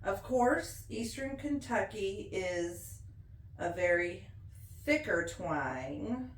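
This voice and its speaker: In an oral history interview, a woman in her forties speaks slowly in a homey, folksy way, laughing as she goes, with a blended Appalachian and Ozark accent. Her voice is fairly low with lively intonation. The recording has a roomy echo and slight background noise.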